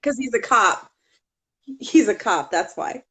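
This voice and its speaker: A woman's voice: on the high side, animated, unhurried, bright, forceful tone. A woman co-hosting a casual true-crime chat, talkative, with laughing asides and swearing. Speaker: podcast co-host.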